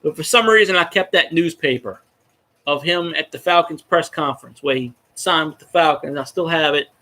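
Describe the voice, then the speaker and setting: Rambling and cursing, this man chats with his viewers on a laid-back fan livestream. He speaks at a moderate pace in a little-high voice that sounds pushed and bright.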